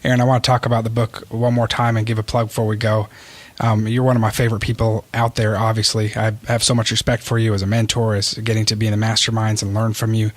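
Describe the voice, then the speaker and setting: A man's voice: fairly low pitch, monotone, quick pace, no echo. A man hosting a podcast interview, who speaks to his guest in an earnest, appreciative way. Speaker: podcast host. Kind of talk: interview conversation.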